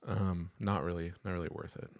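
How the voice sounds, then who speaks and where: A man's voice: deep voice, steady tone, brisk, gravelly. A middle-aged man co-hosting a casual podcast chat, joking and easygoing. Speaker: podcast co-host.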